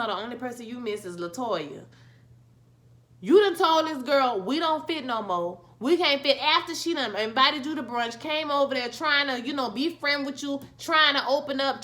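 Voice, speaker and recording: A woman with talks through a TV episode recap in a lively, sassy way. Her voice sits high and bright. She exclaims freely and speaks straight to her viewers. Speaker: YouTube TV recap host. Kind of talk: casual spoken show review.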